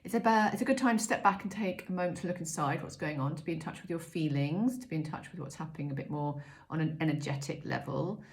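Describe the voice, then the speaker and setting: A low-pitched, middle-aged woman talks through an oracle card reading in a relaxed, chatty way. She drifts between gentle guidance and light self-mocking asides, with plenty of ums. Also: fast talker. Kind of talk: casual spiritual guidance talk.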